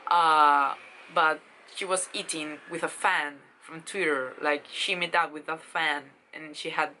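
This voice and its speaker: A woman in her twenties telling a story in a casual vlog, excited and gushing, with lots of fillers and swearing. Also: deep voice, measured pace, a little hiss or hum, low-quality recording. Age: 20s. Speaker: vlogger.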